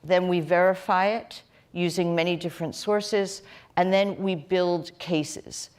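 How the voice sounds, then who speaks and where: Low-voiced woman, earnest panel speaker. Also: steady tone, darkish tone, clean tone. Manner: earnest, measured, with fillers and restarts. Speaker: panel guest, human rights director. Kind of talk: live panel discussion.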